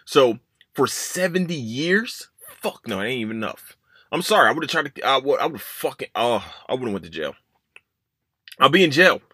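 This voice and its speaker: A man hosting a podcast, ranting heatedly and with plenty of profanity, swinging between loud outbursts and muttered asides. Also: mid-range voice, sing-song, moderate pace, slightly rough, no room sound, studio quality. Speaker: podcast host. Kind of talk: casual opinion rant.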